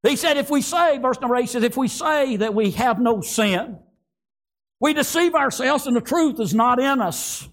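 High-voiced preacher, shouting and folksy. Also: male voice, expressive, normal speed. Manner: folksy, rural speech, frequent call-outs and "praise God"; swings between shouting and hushed storytelling. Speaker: pastor. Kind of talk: sermon.

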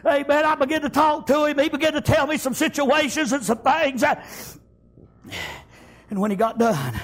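A man preaching a fervent testimony sermon, full of amens, folksy telling and bursts of shouting. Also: very high-pitched, normal speed. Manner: fervent, repeats "amen" and "praise God", swells into shouting.

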